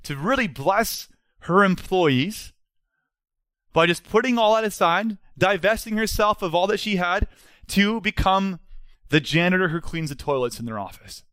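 A man's voice: sits high, lively intonation, normal speed, a bit bright, dry recording. A man, preaching a sermon as pastor in an earnest, emphatic way.

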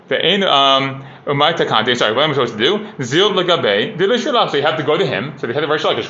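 Lively, fast-talking man teaching Talmud. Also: a little high. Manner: conversational, full of "like" and "you know"; reads Aramaic passages, then explains in plain English. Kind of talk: casual Talmud class, reading and translating. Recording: dull, roomy recording.

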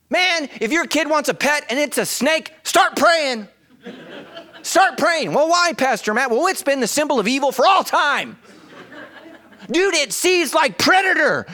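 A middle-aged man, a pastor, preaching an animated comic sermon full of storytelling, shouts and acted voices. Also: very high-pitched, dry recording.

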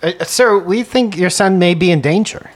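Low-voiced woman player, courteous. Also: moderate pace. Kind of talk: in-character tabletop role-play.

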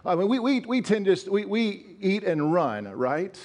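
Male pastor, middle-aged, from rural Colorado; high-pitched, emphatic, repetitive sermon delivery with questions to the room. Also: very animated, moderate pace, a little mellow. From northeastern Colorado. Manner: emphatic, repeats phrases, asks the congregation questions.

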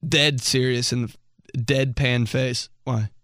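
Bright, crisp-voiced young man rambling. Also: mid-range voice, a little slow, no echo, studio quality. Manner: rambling, animated, lots of fillers and sound effects. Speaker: podcast host. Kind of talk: casual comedic podcast monologue.

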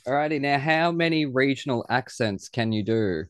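A man hosting a podcast, bubbly and quick, chatting casually with a guest on a close mic. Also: medium pitch, lively intonation, smooth. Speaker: podcast host. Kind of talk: casual interview chat.

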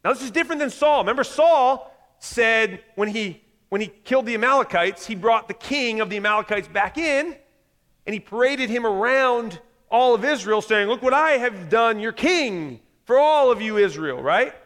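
A man with a notably high voice preaches in a conversational way and slips into quoted voices to make his point. His words ring out with a long reverb, as in a large hall. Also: expressive, normal speed, fairly bright tone. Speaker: pastor. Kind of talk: sermon.

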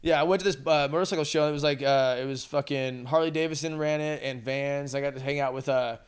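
Brief: male podcast co-host, smooth clear voice, easygoing profane storyteller. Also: a little high, steady tone, fast talker. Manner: laid-back, profane, laughs often. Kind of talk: casual chat, storytelling.

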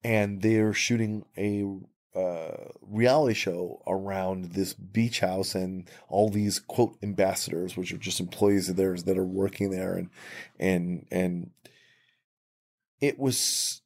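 Podcast co-host, male, somewhat low voice, blunt and opinionated, casual chat with restarts. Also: steady tone, a little mellow. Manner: opinionated, frequent restarts, drawn-out phrasing.

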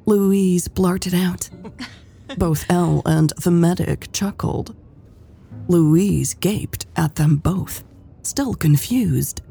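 A woman narrating a romance audiobook in a slow, measured reading. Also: low voice, creaky, dark tone, breathy edge, faint music behind. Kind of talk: scripted narration.

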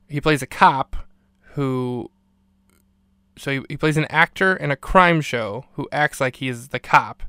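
Male podcast host, casual rambling recap, smooth clear voice, dry close sound. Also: mid-range voice, sharp tone, no room sound. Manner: rambling, filler-heavy recap. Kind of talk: casual episode review.

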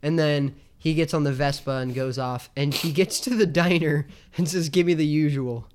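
A man's voice: on the high side, normal speed, slight background noise. A tipsy man co-hosting a podcast, chatting casually about a movie in a rambling, profane way, laughing often. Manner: rambling, profane, laughing storyteller who mimics characters. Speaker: podcast co-host.

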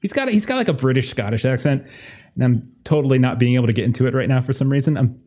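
Male GM, dark mellow voice, halting delivery full of fillers. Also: medium pitch, expressive. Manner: halting, many filler words and restarts. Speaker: game master. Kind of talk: narrating a tabletop horror game.

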